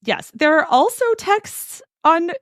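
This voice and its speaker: A woman podcast host telling a gossip story in an animated way, acting out text messages and conversations. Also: extremely high pitch, slow pace, dry recording, studio quality.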